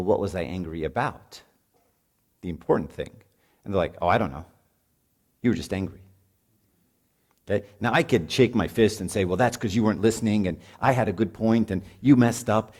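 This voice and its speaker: A middle-aged man preaching at a marriage retreat in a conversational, animated way, acting out quotes from home life. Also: sits low. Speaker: priest.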